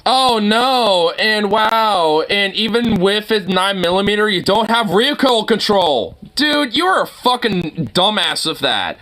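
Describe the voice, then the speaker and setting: High, bright-voiced man ranting. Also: slow, hardly any pauses, slight background noise. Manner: excitable, swears constantly, breaks into outraged shouts. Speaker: reaction commentator. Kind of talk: profane rambling reaction commentary.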